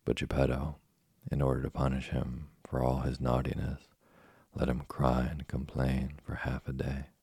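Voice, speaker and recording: A man narrating a classic tale as a bedtime story, in a steady, soothing manner. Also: extremely low pitch, normal speed, no room sound, clean studio sound. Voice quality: gravelly, husky. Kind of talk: slow bedtime story reading.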